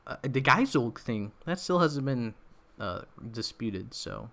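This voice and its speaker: A young man chats loosely on a solo livestream, circling back on himself with plenty of ums and restarts. His voice sits at an ordinary middle pitch, and a slightly off throat creeps in now and then. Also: unhurried, long pauses, a bit bright. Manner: rambling, many fillers and restarts. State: throat feels off. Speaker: livestream host. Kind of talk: casual livestream commentary.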